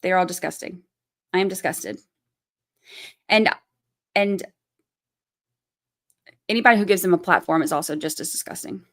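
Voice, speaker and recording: A woman's voice: fairly low pitch, measured pace, long pauses. A woman hosting a livestream, giving heated commentary in blunt, profane language and repeating her points for emphasis. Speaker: channel host.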